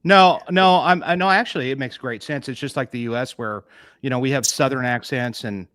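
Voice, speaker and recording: A man's voice: medium pitch, brisk, a bit bright, clear, resonant tone, no room sound, clean studio sound. A man hosting a live interview show, asking questions eagerly with sudden lifts in his voice. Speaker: show host. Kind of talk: casual interview talk.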